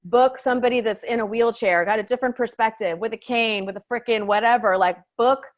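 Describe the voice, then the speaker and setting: Swearing, animated woman comedian chatting. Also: fairly high pitch, fairly quick, dull audio. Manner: animated, swearing, heavy use of "like". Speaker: stand-up comedian, guest. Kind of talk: casual interview storytelling.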